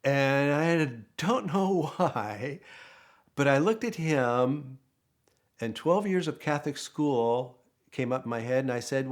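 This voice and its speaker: Older man, casual anecdote, animated, plays out the quotes, mid-pitched voice. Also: slow. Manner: animated storytelling, acts out quoted dialogue. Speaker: guest storyteller, former car dealership manager.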